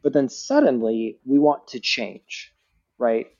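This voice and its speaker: A man with a dark, mellow voice explains how the brain works in a relaxed podcast conversation. He talks like an animated teacher, peppering his points with "like" and "right?". The audio is a bit muffled and lo-fi. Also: medium pitch, takes it slowly. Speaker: guest neuroscientist. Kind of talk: casual explanatory podcast talk.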